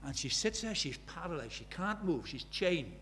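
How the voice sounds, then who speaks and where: A man's voice: a little high, big pitch swings, moderate pace, fairly bright tone, a little hiss or hum. A British man preaching a sermon, telling stories with emphasis and repeating key phrases.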